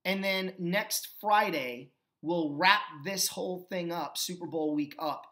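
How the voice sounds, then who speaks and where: A man's voice: high-pitched, unhurried. A man hosting his own football talk show, giving opinionated commentary with emphatic rhetorical questions. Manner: calmer and earnest when thanking fans. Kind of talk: opinionated sports commentary monologue.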